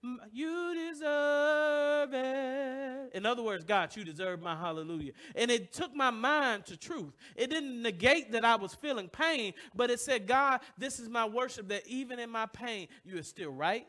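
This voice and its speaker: This preacher's very high voice sounds pushed and bright, animated and at a moderate pace, with few pauses. He leads his congregation in call-and-response, prompting them to finish his sentences, as his sermon grows more emotional and repetitive.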